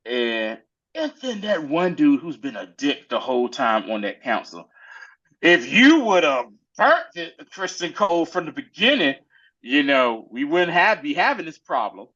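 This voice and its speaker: A man casually recapping a TV episode with a co-host, animated and slangy, acting out the characters' lines in quick little voices. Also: on the high side, dull audio. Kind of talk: casual chat.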